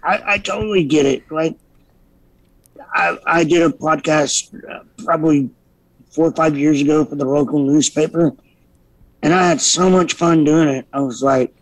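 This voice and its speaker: Guest, man, gravelly, dry close mic, relaxed storyteller. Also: on the high side, moderate pace, pauses often, no room sound, rough recording. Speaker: podcast guest. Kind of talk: casual interview chat.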